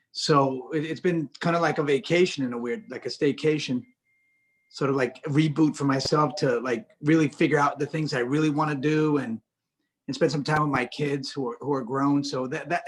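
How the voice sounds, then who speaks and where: A middle-aged man speaking on a video call as an interview guest, talking casually with lots of stammered restarts and self-deprecating jokes. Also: medium pitch. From United States. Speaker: actor and director, interview guest.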